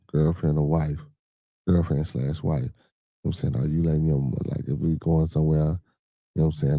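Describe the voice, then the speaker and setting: Podcast host, man with a Chicago accent, casual and profane chat, very low gravelly voice. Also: mellow, no room sound. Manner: loose, profane, repeats "you know what I'm saying". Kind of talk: casual live-stream chat.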